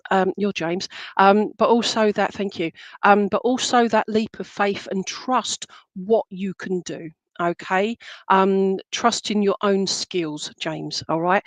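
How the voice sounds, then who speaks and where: A woman's voice: medium pitch, dry recording. Lady doing live psychic readings, chatty and reassuring, dry close sound. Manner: chatty, reassuring, many fillers and pet names. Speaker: psychic medium. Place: room with a table of crystal animals.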